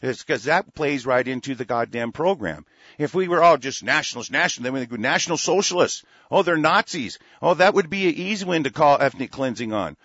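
A man's voice: fairly high pitch, lively intonation, a little fast, a bit bright, slightly rough, no echo, muffled recording. A man hosting a talk radio show, delivering a rambling, profane, heated monologue.

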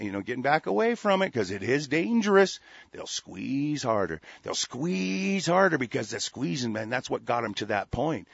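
A man hosts a radio show, firing off a combative, profanity-heavy rant. His voice is husky and set at a middling pitch. The recording is dry and dull, with a lo-fi broadcast quality. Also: fairly bright tone, no echo. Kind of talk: heated monologue on internet radio.

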